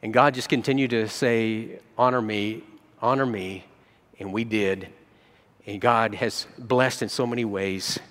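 A man preaching a sermon as a pastor, telling stories and jumping between soft low asides and excited quoted voices. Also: unhurried, long reverb tail.

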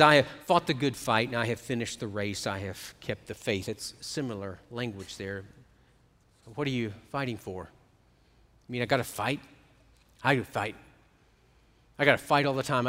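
A middle-aged man preaching a sermon as pastor, swinging from hushed, quiet stretches to emphatic ones. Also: medium pitch, in a large hall.

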